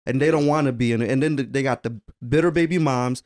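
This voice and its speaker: A man's voice: mid-range voice, fast, a little mellow. A man in a casual podcast chat, slangy and joking, saying "yo" a lot.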